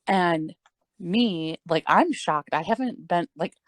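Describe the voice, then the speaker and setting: A woman's voice: lowish voice, slow, dry recording. A young adult woman co-hosting a podcast, telling a story in a rambling, casual way full of "like" and swearing. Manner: rambling, heavy use of "like", frequent swearing and laughs. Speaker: podcast co-host.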